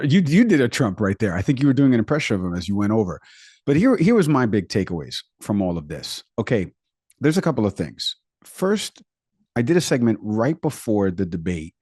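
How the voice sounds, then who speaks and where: A man co-hosting a political chat podcast. His voice is low and mellow, recorded dry and close. He talks in brisk, emphatic bursts. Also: husky, no room sound. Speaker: podcast co-host.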